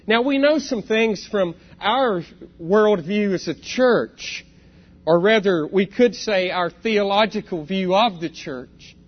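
A man's voice: sits high, lo-fi sound. A man, a church elder, preaching a sermon in an earnest, reflective way, often posing rhetorical questions.

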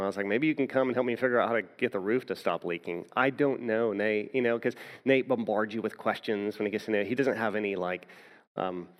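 A man pastor preaching a sermon, telling a personal story and often repeating words as he starts a thought. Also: fairly low pitch.

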